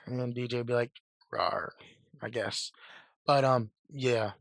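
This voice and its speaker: A hoarse young man giving casual fan commentary, rambling with lots of fillers, restarts and slang. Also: mid-range voice, steady tone, normal speed, no room sound.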